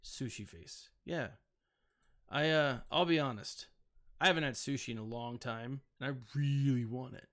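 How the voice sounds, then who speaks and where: A man's voice: mid-range voice, moderate pace, a bit bright. A man in his thirties, a gaming channel host, giving casual, rambling gameplay commentary with self-mocking asides and playful sound effects.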